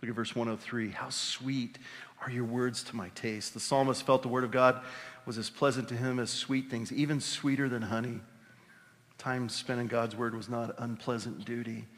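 A pastor preaching a conversational, animated sermon with exclamations. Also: male voice, mid-range voice, normal speed. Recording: reverberant hall.

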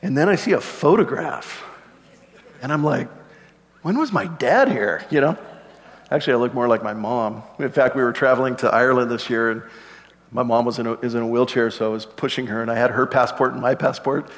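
A middle-aged man preaching a sermon in a relaxed, conversational way, dropping joking asides to the congregation. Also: medium pitch, brisk, long reverb tail. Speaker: pastor.

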